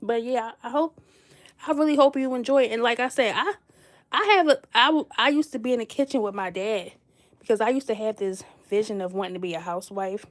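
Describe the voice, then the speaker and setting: A woman with a slightly high voice, chatting casually on a live stream. She talks with lively emphasis, leans hard on her points, and answers viewers by name as if they were friends across the table. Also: brisk. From Philadelphia. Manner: animated and emphatic, repeats points for effect. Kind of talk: casual chat reading viewer comments.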